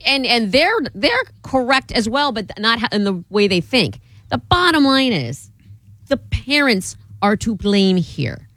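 A woman's voice: on the high side, very animated, unhurried, a bit bright, no room sound. A woman co-hosting a radio talk show, arguing her point bluntly in casual chat. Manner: argumentative, blunt. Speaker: radio co-host.

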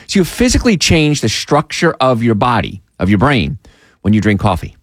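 A man hosting a call-in health radio show, talking in an emphatic, animated way with pleading asides, from a studio mic. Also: lowish voice, moderate pace, no room sound.

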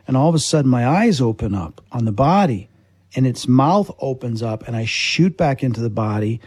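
A male host talks casually, with a mellow, warm and slightly husky voice. He tells his own story with animated energy. The sound is dry and close, with no room around it. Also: medium pitch, moderate pace, no room sound. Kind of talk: casual chat.

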